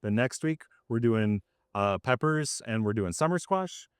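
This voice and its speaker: Casual, slightly hoarse farmer explaining. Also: male voice, medium pitch, lively intonation, a little slow, no echo, clean studio sound. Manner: casual and conversational, with many fillers. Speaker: farmer leading a farm tour. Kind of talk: explaining while walking a group around. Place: outdoors on a farm field.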